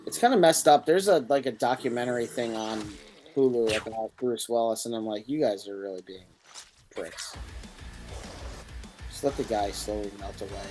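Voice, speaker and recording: A man's voice: medium pitch, brisk, darkish tone, soft background music. A man co-hosting a podcast, rambling casually and searching for words as he talks. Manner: rambling, loses words, laughs at himself. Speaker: podcast co-host. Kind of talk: casual chat.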